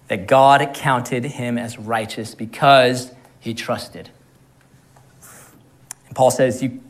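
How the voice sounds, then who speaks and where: A man's voice: mid-range voice, a bit bright. A man preaching a sermon in a conversational way, often repeating words and laughing at his own jokes. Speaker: pastor.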